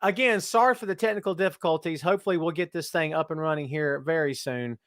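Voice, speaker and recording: High-voiced, jokey man hosting a live show. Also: fast, fairly bright tone, dry recording, studio quality. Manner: jokey, teasing, greets viewers by name. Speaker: host of a live wrestling talk show. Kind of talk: casual live-stream chat.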